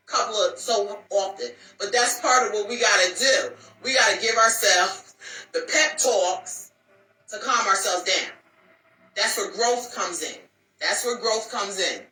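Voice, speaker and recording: Bright and forceful, this mid-range female voice moves a little slowly as she dishes out relationship advice to women in a casual talk. She's sassy, emphatic and repeats lines for effect, recorded off mic with a roomy echo.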